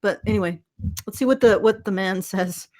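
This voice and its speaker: A woman's voice: mid-range voice, brisk. A woman hosting a podcast in casual commentary, sarcastic and profane, often restarting her words. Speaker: podcast host.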